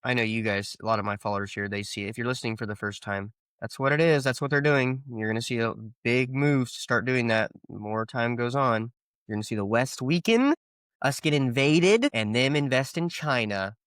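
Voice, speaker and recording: A man's voice: mid-range voice, brisk, fairly bright tone, clean tone, dry recording. A man hosting a solo podcast, ranting with rhetorical questions and sarcastic asides. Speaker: podcast host.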